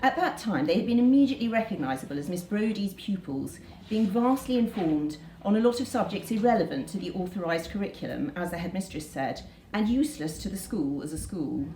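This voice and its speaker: A woman's voice: medium pitch, expressive, a little fast, few pauses, warm tone, slight background noise. Woman teacher reading aloud in an echoey room. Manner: hesitant, many ums between points. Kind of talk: reading aloud and informal talk to students.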